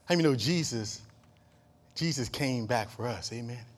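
A male pastor preaching a sermon, dropping to quiet asides, then rising to shouted emphasis with jokes and call-and-response to the congregation. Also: medium pitch, lively intonation, moderate pace. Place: church.

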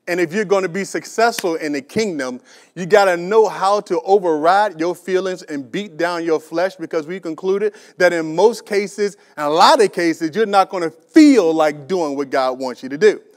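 A male pastor preaching a sermon who has his congregation repeat key phrases and builds in intensity as he makes his points. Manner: builds in volume and pitch as he presses a point.

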